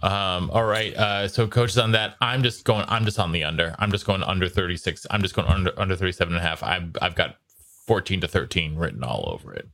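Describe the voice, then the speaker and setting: A man's voice: deep voice, fast talker, gravelly. A man hosting a casual sports podcast, chatting about picks and signing off the show. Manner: relaxed, wraps up the show with sign-off lines. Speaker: podcast host.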